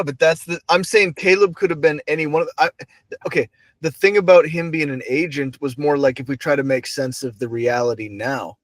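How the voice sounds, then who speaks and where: A man's voice: a little high, no echo. A young man hosting a casual podcast, rambling with lots of fillers and laughing often. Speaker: podcast host. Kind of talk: casual chat.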